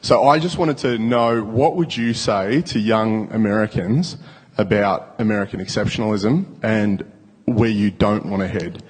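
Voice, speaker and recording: A man's voice: lowish voice, a little slow, breathy edge. A young man with an Australian accent asks a question from the audience in a hesitant way, with many fillers and restarts. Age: young adult. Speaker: audience member asking a question. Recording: long hall reverb.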